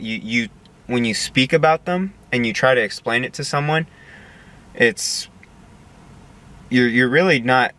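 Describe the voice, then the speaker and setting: A man's voice: medium pitch, a bit bright. A young man giving an earnest casual monologue, often repeating words as he searches for them. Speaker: video essayist.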